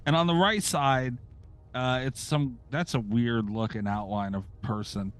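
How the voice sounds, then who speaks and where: A man's voice: mid-range voice, fairly even intonation, measured pace, faint music behind. A middle-aged man hosting a podcast, chatting casually, ranting sarcastically and swearing freely. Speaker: podcast host.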